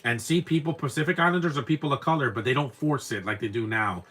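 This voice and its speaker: Rambling husky-voiced man, bright tone. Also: medium pitch, a little fast. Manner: rambling, repeats words while searching for names. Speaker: movie commentator. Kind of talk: casual live movie commentary.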